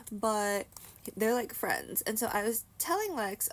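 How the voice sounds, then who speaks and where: A woman's voice: mid-range voice, very animated, measured pace, slight background noise. A woman vlogger telling a casual, rambling story, peppered with "like" and restarts.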